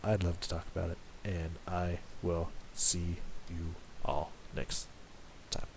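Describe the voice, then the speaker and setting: A man with a fairly low voice rambles through his reaction to a record, often stopping mid-thought to rephrase and dropping casual swears. A faint hiss sits under the recording. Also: monotone, takes it slowly. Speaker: music reaction YouTuber.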